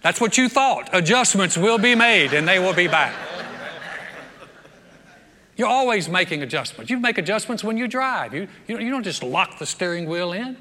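High, bright, animated preacher man. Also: normal speed. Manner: animated storytelling, humorous asides. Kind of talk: sermon. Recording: long reverb of a big hall.

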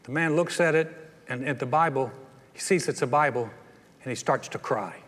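A man preaching a sermon as pastor, telling a story in an animated way and acting out the voices, then leading a quiet altar call. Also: medium pitch, normal speed. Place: church sanctuary. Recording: hall reverb.

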